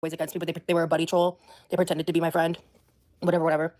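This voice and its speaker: A woman talking hesitantly on her livestream, with many pauses and fillers. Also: deep voice, flat delivery, darkish tone. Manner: hesitant, full of ums. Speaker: streamer being watched. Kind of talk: casual livestream talk.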